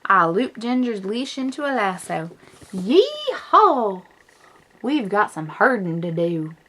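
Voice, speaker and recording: Bright and forceful at normal speed, a mid-range female voice gives a folksy read-aloud of a picture book. She plays an eager, horse-mad little cowgirl with a drawling, put-on American Western twang.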